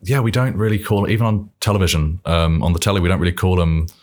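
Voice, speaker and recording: A man chatting casually, hesitant and quick to laugh. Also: low voice, fairly even intonation. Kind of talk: casual chat.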